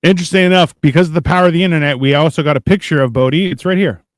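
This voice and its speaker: A man riffs on a live stream in crude, profane banter, mocking a viewer and mimicking him in loud put-on voices. His voice sits somewhat high for a man. The sound is dry and close, with no room around it. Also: very fast, no echo.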